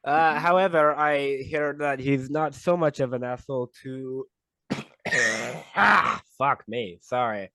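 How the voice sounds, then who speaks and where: A man's voice: mid-range voice, slow pace, bright, forceful tone, no echo. A man playing a tabletop game, joking and wry, getting over a cold and coughing now and then. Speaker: player.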